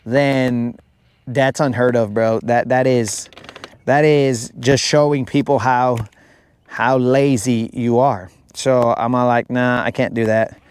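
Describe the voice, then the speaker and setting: An American man hosts a fishing livestream, reading live comments and chatting in a rambling, joking way with drawn-out teasing. His mid-range voice is steady, darkish, clear and resonant.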